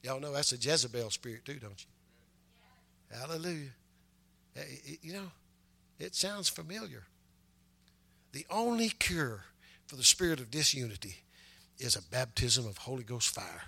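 An older man preaching a sermon, conversational and punctuated with amens, building to loud, emphatic passages. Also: mid-range voice, expressive, unhurried, vocal fry, long pauses. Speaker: pastor.

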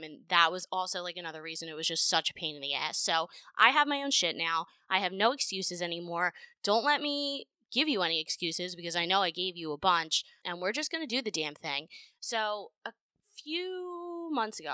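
A young adult woman hosting her own podcast, talking in a blunt, profane and animated way with frequent laughter. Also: lowish voice, clear, resonant tone, dry recording. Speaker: podcast host. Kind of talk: casual solo podcast monologue. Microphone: home podcast microphone.

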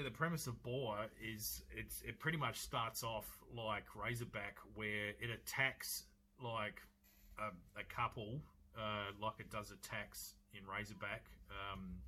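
A man's voice: on the low side, bright, forceful tone, a little hiss or hum. A man with an Australian accent reviewing a film in a chatty, rambling way with jokey asides.

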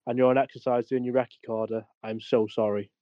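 A man's voice: medium pitch, little pitch movement, a little fast, no echo. A young man telling a crude army story on a podcast. He swears a lot and laughs as he talks. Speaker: podcast co-host. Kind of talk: casual storytelling. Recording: dry, dull lo-fi sound.

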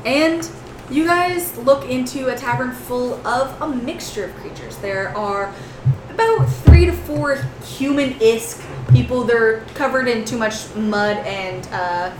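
A woman game master narrates a tabletop game at an unhurried pace, her voice sitting a little high. She describes scenes loosely and keeps breaking into laughs. The recording is echoey, with clear noise behind her.

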